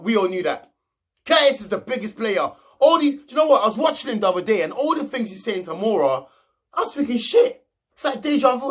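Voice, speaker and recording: High-voiced man, mocking gossip. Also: fairly bright tone. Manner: slangy, mocking, rambling. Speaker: reality show recap host. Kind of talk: casual gossip recap.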